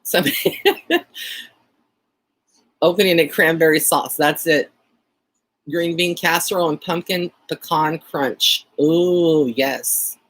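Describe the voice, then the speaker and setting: A man's voice: a little high, steady tone, slow pace, long pauses, fairly bright tone. Chatty Texan man on a livestream. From Texas. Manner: chatty and rambling, frequent fillers and light laughter. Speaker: psychic medium hosting a live chat. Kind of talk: casual live-stream chat.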